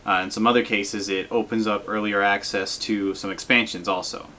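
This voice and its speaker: A man's voice: on the low side, normal speed, slight background noise. A young man giving casual, self-deprecating commentary over gameplay as a gaming video host. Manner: relaxed, self-deprecating, frequent fillers.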